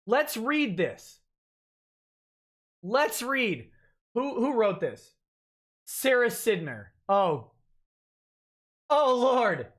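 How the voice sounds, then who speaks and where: A woman's voice: on the high side, very animated, very slow, long pauses. A woman hosting a livestream, giving sarcastic, ranting commentary while reading text aloud with asides. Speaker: host.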